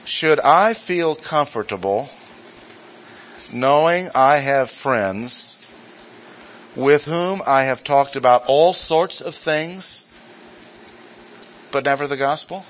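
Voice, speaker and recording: A man's voice: mid-range voice, takes it slowly, pauses often, fairly bright tone, a little hiss or hum. Emphatic preacher, man, repeating key points. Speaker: pastor. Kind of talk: sermon.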